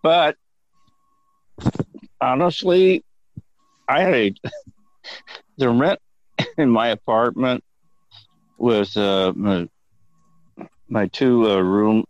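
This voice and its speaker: An older male guest with a very low voice tells meandering, profane stories and laughs easily as he talks. The sound is dry, with no room around him. The recording is dull and lo-fi. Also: slow pace, long pauses, dry recording. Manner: rambling, profane, chuckling storyteller. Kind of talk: casual storytelling interview.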